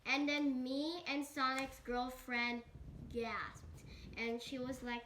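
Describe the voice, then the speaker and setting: A child storyteller making up a rambling story with lots of restarts and "and then.". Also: female voice, sits high, level tone, a little slow, fairly bright tone. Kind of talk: improvised kid's story.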